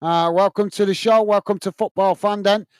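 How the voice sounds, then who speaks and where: A man's voice: high-pitched, fairly even intonation, normal speed, smooth, dry recording. A British man hosting a live football watch-along, commentating on play and chatting to viewers, often calling them mate with plenty of fillers. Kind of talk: live match commentary and chat reading.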